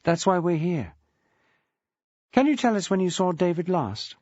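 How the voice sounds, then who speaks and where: A man voicing a tactful, measured woman detective in a storybook reading. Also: high voice, very animated, a little mellow, no room sound, highs cut off, pitched above the performer's own voice.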